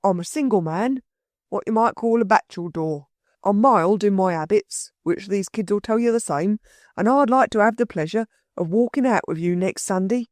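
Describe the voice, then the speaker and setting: A woman's voice: medium pitch, moderate pace, a little mellow, no echo, clean studio sound, lightly acted. A woman voicing a bewildered burglar. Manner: slangy, rambling working-class talk. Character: rough-spoken male London burglar, bewildered, meek.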